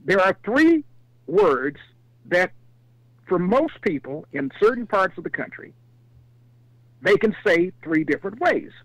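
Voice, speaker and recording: A man on a live panel show, chatting and telling stories in an animated way. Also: high-pitched, measured pace, pauses often, no room sound, rough recording. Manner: animated storyteller. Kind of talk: casual live panel chat and storytelling.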